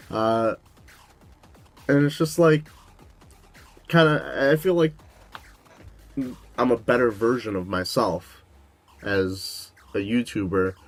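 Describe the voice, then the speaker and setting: A young man hosting a casual Q&A vlog, rambling with lots of "like" fillers, his voice going a bit hoarse. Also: fairly low pitch. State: losing his voice. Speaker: YouTube host.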